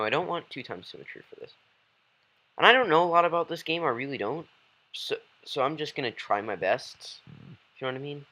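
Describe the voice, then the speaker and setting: Excitable man rambling over gameplay. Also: mid-range voice, low-quality recording. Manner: rambling, excitable, talks to viewers. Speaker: gaming YouTuber. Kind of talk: gameplay commentary.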